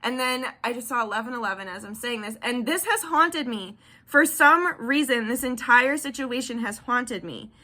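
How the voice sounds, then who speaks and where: A woman's voice: a little high, expressive, moderate pace, pushed and bright. A woman in her thirties telling a personal story to the camera in a candid, rambling way with many fillers. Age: 30s. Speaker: tarot vlogger.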